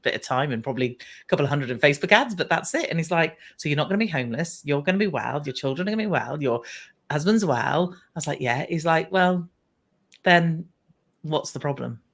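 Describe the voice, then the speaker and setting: A woman's voice: sits low, fairly quick. A middle-aged woman from the UK with a British accent, a podcast guest telling her own story casually and acting out past conversations. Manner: animated, acts out her own past dialogue.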